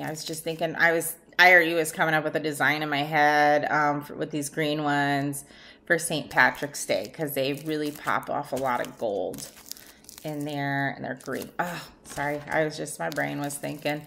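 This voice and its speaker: A woman's voice: sits low, fairly even intonation, moderate pace, gravelly, pushed and bright, a little hiss or hum. A woman chatting casually in a vlog as she shows off nail art supplies from her online shop, rambling with lots of ums. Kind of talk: casual product showcase vlog.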